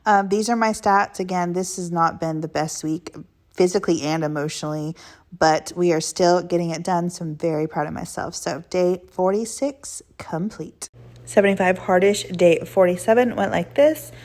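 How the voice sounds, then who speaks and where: A woman's voice: lowish voice, moderate pace, a little mellow. A woman vlogging in a chatty, upbeat way, saying "y'all" and "girl", and at times out of breath from walking. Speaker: weight-loss vlogger. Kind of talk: casual chat to camera.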